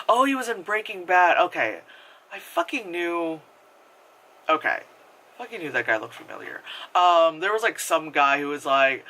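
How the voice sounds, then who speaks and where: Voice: mid-range voice, very animated, a little slow, sharp tone, slight background noise. A movie reviewer talking into a camera in a casual, rambling vlog review, swearing freely and laughing often. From United States.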